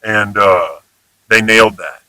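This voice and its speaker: Bright, emphatic Houston Texan man. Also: lowish voice, measured pace, dry recording, rough recording. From Houston, Texas. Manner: emphatic, profane, rambling. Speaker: vlogger. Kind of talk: casual monologue.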